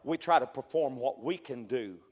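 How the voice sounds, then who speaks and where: A middle-aged man preaching a fervent revival sermon, swinging from loud peaks to hushed storytelling. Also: mid-range voice, animated, moderate pace, breathy edge. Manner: fervent, builds to shouted peaks then drops to hushed storytelling. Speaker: pastor. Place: church sanctuary. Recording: long hall reverb.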